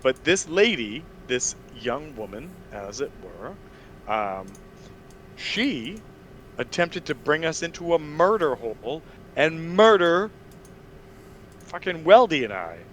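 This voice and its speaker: Profane, animated man telling a story. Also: a little high, slow, slight background noise. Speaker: player. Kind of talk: heated out-of-character table talk.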